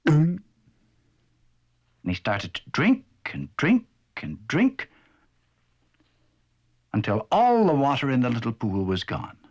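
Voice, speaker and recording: Lively husky storybook narrator, male. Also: medium pitch, takes it slowly, pauses often, muffled recording. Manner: playful, animated storytelling.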